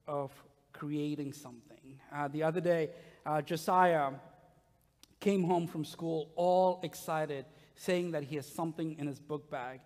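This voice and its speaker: A middle-aged man, a pastor, preaching a sermon with animated, humorous personal stories to his congregation in a church. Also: fairly high pitch. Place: church sanctuary. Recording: long reverb of a large hall.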